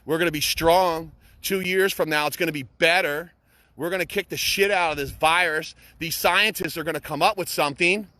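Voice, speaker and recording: Emphatic high-voiced man giving a pep talk. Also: fairly even intonation, moderate pace, bright, forceful tone, no room sound. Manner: emphatic and blunt, with frequent swearing and repetition. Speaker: motivational vlogger. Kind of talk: impassioned pep talk to camera.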